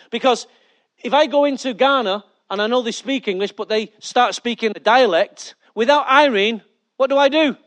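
A male pastor, preaching a sermon with lively rhetorical questions and jokey asides to his church. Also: very high-pitched.

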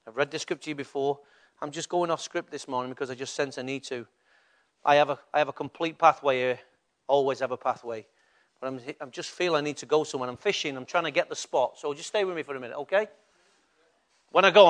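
A man's voice: fairly high pitch, a little fast, pauses often, fairly bright tone. A male pastor preaching a sermon in a conversational way, rising to emphatic bursts.

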